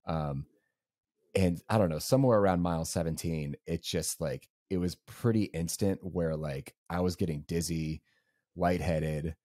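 A young man with a Southern US accent co-hosts a podcast, rambling casually through a race story full of fillers. His voice is deep and warm, a little slow, captured in a dry, clean studio recording.

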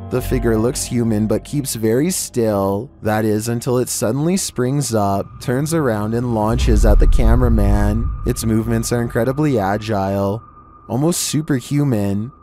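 A man giving scripted narration in a measured, steady storytelling delivery. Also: mid-range voice.

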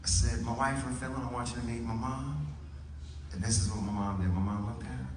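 A man in his thirties from New Orleans, doing a stand-up comedy set with animated storytelling and drawling asides to the crowd. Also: mid-range voice, fairly quick, background noise. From New Orleans, USA. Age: 30s. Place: large church hall. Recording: echoey hall, picked up from far off.

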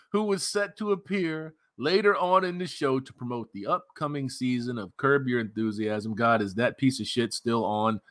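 Man, commentary host, sarcastic profane rant, bright tone, a bit high. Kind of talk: ranting commentary on a news story.

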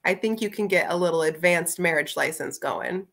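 A woman's voice: fairly low pitch, moderate pace, gravelly, a bit bright. A woman co-hosting a podcast who reads a novel aloud and breaks off for giggly, chatty asides. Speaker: podcast co-host reading aloud. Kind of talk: casual read-aloud with commentary.

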